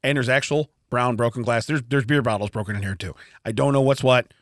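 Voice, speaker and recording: A man's voice: medium pitch, a little fast, a bit bright, dry recording, studio quality. A man co-hosting a podcast, telling a story in casual chat, acting out quotes and laughing often. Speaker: podcast co-host. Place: podcast studio.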